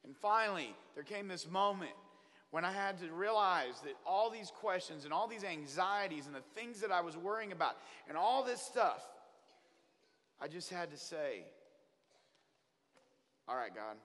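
Bright-voiced man preaching in a reverberant hall. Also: high-pitched, moderate pace. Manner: animated storytelling, acts out his own prayers. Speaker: traveling children's minister. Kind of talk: comedic testimony sermon.

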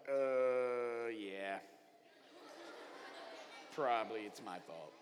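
A man's voice: medium pitch, drawn-out words, long reverb tail, some chatter behind, a little hiss or hum, voice pushed down. A man voicing the prophet Jonah as a sulky, grudging adult who mumbles his excuses.

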